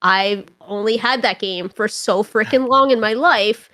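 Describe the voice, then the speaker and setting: A young woman from Toronto, a podcast guest telling stories in casual chat, animated and rambling, with constant filler words. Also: mid-range voice, measured pace, no room sound. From Toronto, Canada.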